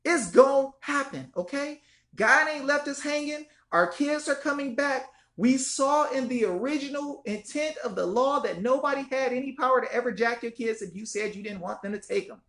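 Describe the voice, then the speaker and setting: A woman's voice: high voice, animated, normal speed, fairly bright tone. A woman vlogging an impassioned, repetitive rant straight to her viewers, calling them y'all. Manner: fiery, repetitive, swears mildly, addresses viewers as y'all. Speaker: activist vlogger. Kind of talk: impassioned direct-to-camera rant.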